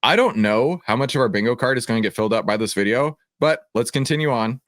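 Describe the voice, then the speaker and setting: A man's voice: medium pitch, lively intonation, fast, a bit bright, dry recording, studio quality. A man hosting a livestream, chatting upbeat with viewers in the chat. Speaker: host of a livestream, reacting to a video.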